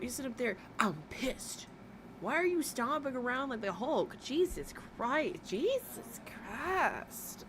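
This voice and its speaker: A woman's voice: mid-range voice, a bit bright, slight background noise. A woman hosting a livestream, giving blunt, profane, exasperated commentary as she reacts to a video.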